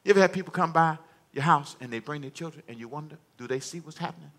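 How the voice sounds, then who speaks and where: A man's voice: a little high, quick pace, fairly bright tone. A male pastor preaching a sermon, emphatic and humorous, in a storytelling manner.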